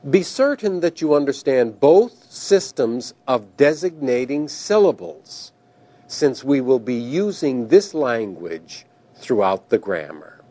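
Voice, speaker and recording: Slow, deliberate male grammar teacher. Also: medium pitch, big pitch swings, warm tone. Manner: slow and deliberate, careful pronunciation of terms. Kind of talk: recorded grammar lecture.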